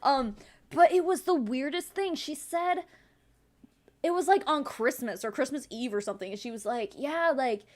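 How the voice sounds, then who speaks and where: A woman host giving casual commentary and telling stories, sarcastic and animated, swearing freely. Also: high-pitched, normal speed.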